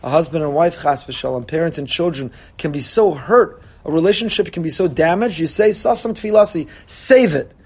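A man's voice: on the high side, brisk, few pauses, husky. A man giving a sermon as a rabbi, preaching with animation and acting out quoted voices. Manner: animated preaching, voicing God and congregants.

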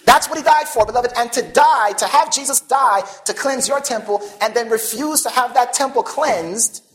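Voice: mid-range voice, moderate pace, a bit bright, poor audio. Preacher reading scripture and quizzing the audience. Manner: reads old-style scripture aloud, then explains it; asks the audience questions and leaves gaps for them to fill in. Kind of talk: sermon.

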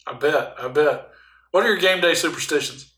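A man's voice: fairly high pitch, moderate pace, pushed and bright. A man interviewing a guest, asking casual questions and adding brief encouraging remarks.

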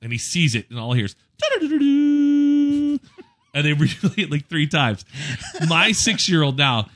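Lively, animated man telling stories. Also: a little high, fairly quick. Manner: animated storyteller who laughs as he talks. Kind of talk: casual chat.

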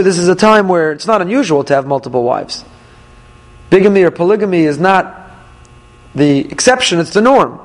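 A man teaching a Torah lesson, reading the verses and explaining them, acting out the dialogue with lively emphasis. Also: a little high, low-quality recording. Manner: animated, acts out dialogue from the text with rising emphasis. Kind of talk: Bible study class.

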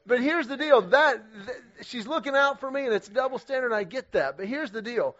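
A middle-aged man speaking to a men's group at church, energetic and humorous, with a conversational style full of quick restarts. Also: very high-pitched. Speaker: guest speaker leading a men's group series. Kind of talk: storytelling church talk to men. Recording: dull lo-fi sound.

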